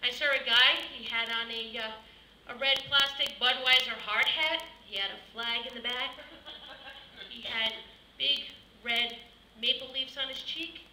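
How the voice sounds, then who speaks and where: A woman's voice: a little high, steady tone, a little slow, sharp tone. A woman doing a stand-up comedy set, brash and working the crowd on stage in a comedy club. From Massachusetts. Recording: echoey room from far off, noisy. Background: club audience.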